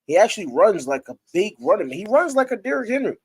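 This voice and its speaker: A man's voice: sits high, big pitch swings, fast talker, slightly rough. A man hosting a casual live-stream sports talk show, talking loosely with his viewers and breaking into laughter.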